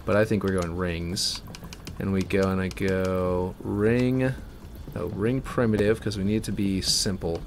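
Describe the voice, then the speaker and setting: A man giving casual, rambling commentary as he builds a game map, thinking out loud and correcting himself as he goes. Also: low voice, fairly even intonation, unhurried, a little hiss or hum.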